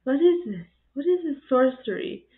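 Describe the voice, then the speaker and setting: A woman's voice: high voice, big pitch swings, moderate pace. A woman hosting her channel, giggling and gushing through casual reaction commentary on clips. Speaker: channel host reacting to videos. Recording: tinny phone-like sound.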